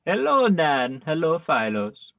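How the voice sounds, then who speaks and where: A man playing a grumpy but friendly old male dwarf villager in a tabletop game, drawn-out and gravelly. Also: on the high side, huge pitch swings, bright, forceful tone, dry recording, recorded from a distance, exaggerated voice. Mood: gruff.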